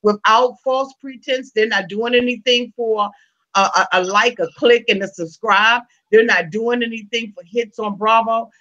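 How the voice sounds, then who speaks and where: A woman's voice: on the high side, normal speed, a bit bright. A woman in her fifties, talking frankly and emphatically in a casual chat. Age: 50s. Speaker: host. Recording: dull lo-fi sound.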